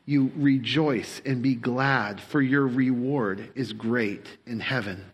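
A male pastor preaching a sermon in an emphatic manner, slowing down to stress phrases and speeding up for quick asides. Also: mid-range voice, slightly rough. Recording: long hall reverb.

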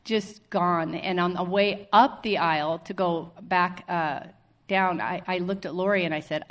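Woman, lowish voice, earnest testimony storyteller acting out conversations. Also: measured pace. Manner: earnest, animated retelling with quoted dialogue. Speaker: testimony speaker.

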